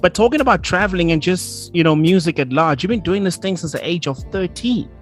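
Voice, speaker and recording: A South African man hosts a radio interview with a fairly high voice, upbeat and playful. Faint music runs softly underneath. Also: expressive, a little fast. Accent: South African English. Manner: upbeat, playful, talks to listeners. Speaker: radio host.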